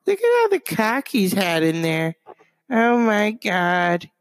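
A man's voice: sits high, huge pitch swings, slow pace, no room sound, pitched above the performer's own voice, full character voice. A man putting on the voice of a catty, campy older man who gossips with scandalized relish.

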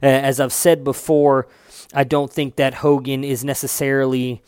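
A man running through fantasy football numbers in a relaxed, off-the-cuff way, dropping the odd curse and catching his own slips. His voice comes across smooth and clean, recorded dry with no room sound. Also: mid-range voice, moderate pace, no echo. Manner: loose and chatty, swears, corrects himself. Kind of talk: casual solo recap.

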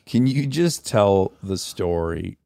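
A man's voice: sits low, animated, takes it slowly, vocal fry, mellow, no echo, clean studio sound. A man hosting a podcast in casual chat, blunt and swearing freely. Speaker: podcast host.

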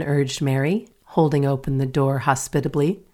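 A woman narrating a children's story aloud in a steady, clear reading voice. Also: low-pitched, a little slow. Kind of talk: audiobook reading.

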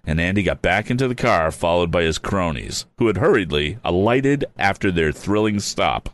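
A man reading an old adventure book aloud in a relaxed, casual way. His voice is low, with lively rises and falls. He breaks off now and then for chatty, wry remarks. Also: normal speed, hardly any pauses. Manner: chatty, adds wry asides. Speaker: reader. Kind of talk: casual storybook read-aloud.

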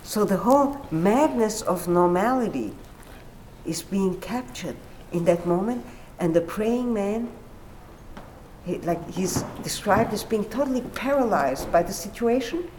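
Woman talking slow n thoughtful, middle pitch, keeps saying you know, acts out the quotes. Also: expressive, darkish tone, a little hiss or hum, poor audio. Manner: reflective, searching for words, frequent "you know", acts out quotes animatedly. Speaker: guest speaker on literature. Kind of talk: thoughtful conversational explanation.

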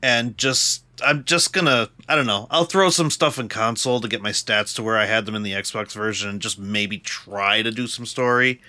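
A man's voice: lowish voice, fairly even intonation, moderate pace, few pauses, pushed and bright, no echo. A man co-hosting a podcast in a laid-back, self-deprecating way, chuckling as he talks. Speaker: podcast co-host. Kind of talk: casual podcast chat.

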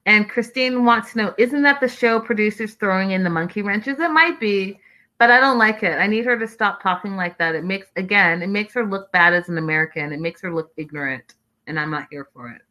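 A woman hosts a casual live recap of a reality show and talks straight to her viewers. She is chatty and opinionated and slips in exasperated asides. Her voice is bright and forward, at a medium pitch. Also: a little fast. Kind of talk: casual live-stream commentary.

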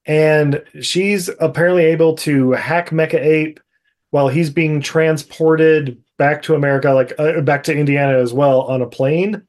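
A man casually recapping a movie on a podcast, laughing often and mocking the characters in quick put-on quotes. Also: a little high, steady tone, darkish tone. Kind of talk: casual chat.

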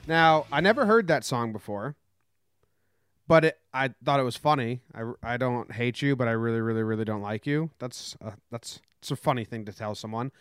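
A man co-hosting a casual talk show, wry and animated, mock-singing snippets as he talks. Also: medium pitch, a little fast, hardly any pauses, smooth, dry recording, clean studio sound, soft background music. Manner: wry, animated storyteller, mock-sings bits. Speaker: podcast co-host. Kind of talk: casual chat.

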